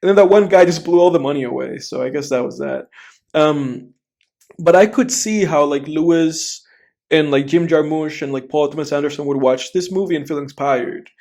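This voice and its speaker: A man's voice: a little high, normal speed, creaky, a little mellow. A young man co-hosting a film podcast, rambling casually, swearing, laughing often and acting out scenes. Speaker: podcast co-host. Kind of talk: casual chat.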